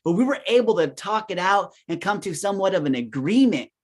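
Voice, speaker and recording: A man's voice: high voice, sing-song, brisk. A man co-hosting a podcast, telling a personal story reflectively in casual chat. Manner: reflective, keeps asking "right?". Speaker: podcast co-host.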